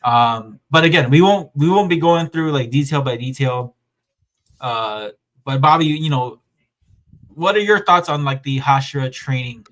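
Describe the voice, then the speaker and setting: A man hosting a casual podcast, chatting and recapping scenes in an animated way, often laughing as he retells them. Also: mid-range voice, unhurried. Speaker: podcast host.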